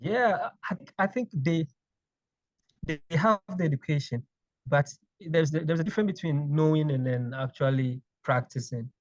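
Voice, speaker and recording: Man from Ghana, interview guest, halting and repetitive delivery, mid pitch, dry muffled remote audio. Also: no room sound. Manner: halting, repeats words while thinking. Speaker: clinical engineering manager, guest. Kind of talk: interview conversation.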